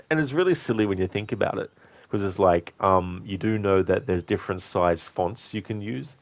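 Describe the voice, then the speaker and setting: Chatty Australian man with a low voice. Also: normal speed, no echo. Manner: chatty and relaxed, with frequent "you know" fillers. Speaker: gaming streamer. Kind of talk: casual gameplay commentary, reading chat.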